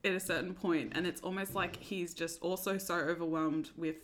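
Rambling Australian woman, lowish voice. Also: fairly even intonation, moderate pace, slight background noise. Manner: rambling, fillers like "um" and "like". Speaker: podcast co-host. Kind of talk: casual chat.

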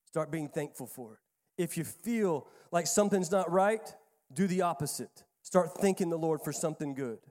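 A pastor in his thirties preaches a sermon in a large hall, his voice sitting high. He is emphatic and repeats key phrases, shifting between quiet asides and louder stress.

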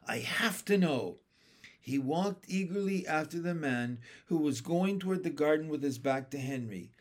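A man narrating a children's chapter book aloud, reading slowly and expressively. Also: a little high, expressive, darkish tone.

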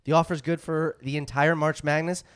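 A man co-hosting a casual podcast, upbeat and chatty, pitching a bar sponsor with a salesman's push. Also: little pitch movement, moderate pace, smooth, dry recording, clean studio sound. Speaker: podcast co-host. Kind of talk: casual chat.

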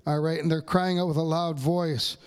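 A pastor preaching a sermon in a church, talking to the congregation in a loose, conversational way with fillers and asides. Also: male voice, normal speed, clean tone. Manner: builds to excited, higher-pitched preaching.

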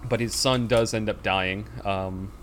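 Relaxed man casually retelling a movie. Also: lowish voice, unhurried, a little hiss or hum. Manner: rambling storyteller with fillers, acts out quoted lines. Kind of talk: casual chat retelling a film plot.

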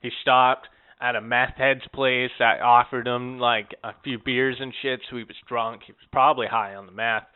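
A man's voice: mid-range voice, flat delivery, moderate pace, few pauses, smooth. A man telling a rambling, profane story on a casual podcast, full of "eh" and "like". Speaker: podcast co-host. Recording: narrow, phone-like sound.

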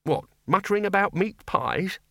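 A man's voice: sits high, lively intonation, fairly bright tone, dry recording, studio quality, pitched above the performer's own voice. A man doing a jittery anxious bursar. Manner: tense, hurried.

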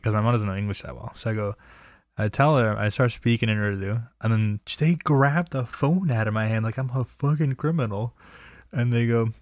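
A man's voice: mid-range voice, normal speed, no room sound, studio quality. A young man from New Jersey telling personal stories in a loose, profane, chatty way. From New Jersey, USA. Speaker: storyteller. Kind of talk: casual personal storytelling.

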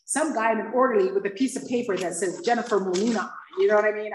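Woman, fifties, from Hawaii, recovery testimony, lively storytelling, roomy echo. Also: mid-range voice, rapid-fire, slight background noise. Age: 50s. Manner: lively storyteller acting out dialogue, laughing often. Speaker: speaker sharing a recovery story. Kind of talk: personal testimony to a group. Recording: echoey room, far from the mic.

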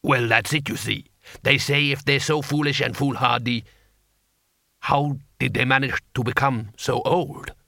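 A man voicing a blunt gravelly warlord. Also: mid-range voice, steady tone, unhurried, no room sound, clean studio sound. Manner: sharp, matter-of-fact. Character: blunt, unimpressed male warlord.

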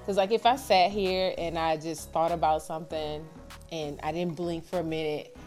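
A young woman hosting a casual interview, earnest and animated, with many fillers. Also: low voice, moderate pace, faint music behind. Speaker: host.

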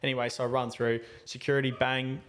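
A man's voice: mid-range voice, level tone, a little fast, fairly bright tone. A young man, a podcast co-host, telling a story in casual chat and acting out both sides with voices.

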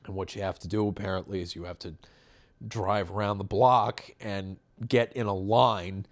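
Brief: relaxed male podcast co-host, lowish voice, rambling storyteller. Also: moderate pace. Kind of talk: casual chat.

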